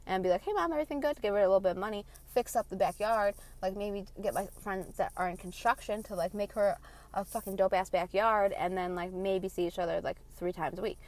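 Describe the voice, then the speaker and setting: A woman's voice: medium pitch, steady tone, fairly quick. A woman in her late twenties ranting from her car, heated, blunt and full of swearing. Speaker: vlogger. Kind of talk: passionate rant.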